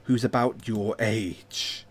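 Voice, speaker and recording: A man's voice: on the low side, fairly even intonation, takes it slowly. A man voicing an overeager, awkward dad who lives across the street, pushing a deal in a raised, pleading voice. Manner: pushy and pleading, raised and bright. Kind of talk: reading a game character aloud.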